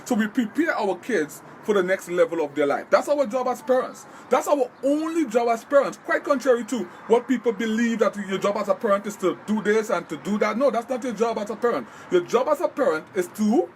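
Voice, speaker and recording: A man's voice: high voice, animated, brisk, hardly any pauses, a little hiss or hum, low-quality recording. A man giving earnest, repetitive motivational talk on a live stream, in the manner of a parenting advice host.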